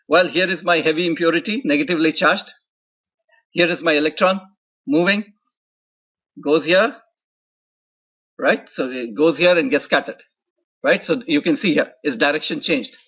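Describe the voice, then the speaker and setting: A male university lecturer with a slightly raised, husky voice walks through ideas step by step. He keeps checking in with quick "right?" and "okay?" tags. The recording sounds dull and lo-fi. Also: a little high, a bit bright. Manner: explanatory, often adds "right?" and "okay?" checks. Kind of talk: classroom lecture.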